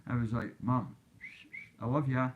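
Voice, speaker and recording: A man's voice: medium pitch, steady tone, a little slow, narrow, tinny audio, slight background noise. A Scottish man with a Glasgow accent, a YouTuber telling a boastful story straight into his phone and talking to the kids watching. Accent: Scottish, Glaswegian. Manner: boastful, swaggering, addresses kids directly. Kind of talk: casual vlog storytelling.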